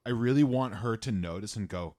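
A man's voice: on the low side, fairly quick, darkish tone. A man co-hosting a casual movie podcast, making wry jokes. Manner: wry, joking. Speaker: podcast co-host.

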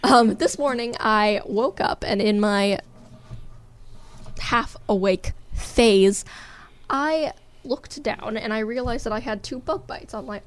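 Young woman, teens, podcast co-host, giggly, rambling, fairly high voice. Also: slow pace. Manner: giggly, rambling, self-mocking. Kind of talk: casual podcast chat.

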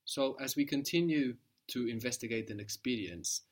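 A man's voice: mid-range voice, moderate pace. A man teaching a language lesson, explaining step by step and prompting his student to answer.

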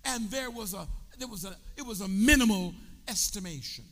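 A bishop preaching a sermon, drawing call-and-response from his congregation and building from quiet explanation up to shouts. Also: high-pitched, brisk. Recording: long reverb of a large hall.

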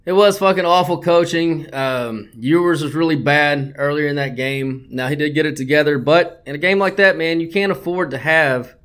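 A man's voice: on the high side, moderate pace, hardly any pauses, fairly bright tone, clean tone. A man hosting a sports betting podcast, talking bluntly and swearing a lot as he gets worked up. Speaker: podcast host.

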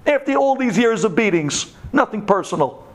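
A man's voice: sits high, very animated, moderate pace, pitched above the performer's own voice. A man putting on the voice of ancient Egyptians sweet-talking their former slaves into staying, in a falsely friendly, wheedling way. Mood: coaxing. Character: fawning ancient Egyptians coaxing slaves to stay.

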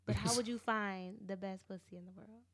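A woman's voice: medium pitch, steady tone, brisk, fairly bright tone. A woman chatting casually with friends, blunt and crude as she jokes around. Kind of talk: casual podcast banter.

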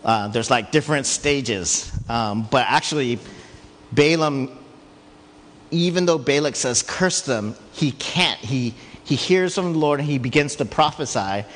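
A man preaching a sermon, retelling a story in a lively, conversational way with frequent asides. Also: mid-range voice, a little slow. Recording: long hall reverb.

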